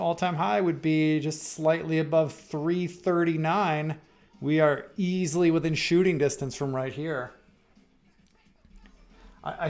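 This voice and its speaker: A man with a fairly high voice hosts a live question-and-answer stream. He talks in a loose, joking way, with plenty of hesitations as he moves into market commentary. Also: creaky. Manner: chatty and joking, with frequent hesitations. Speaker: stand-in host of a live software Q&A. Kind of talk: casual livestream chat and market commentary.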